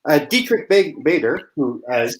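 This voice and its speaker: Dry, halting male storyteller. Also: on the high side, sing-song, low-quality recording. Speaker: improv comedian. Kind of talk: casual video-call chat. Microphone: video call.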